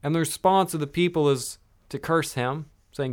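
A man preaching a sermon, swinging between soft, hushed lines and loud, emphatic ones. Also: a little high, sing-song, normal speed. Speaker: pastor.

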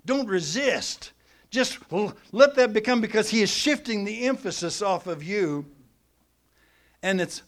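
Fairly high-voiced man preaching a lively sermon. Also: unhurried. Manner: animated teaching with grammar examples, shifting between loud and soft.

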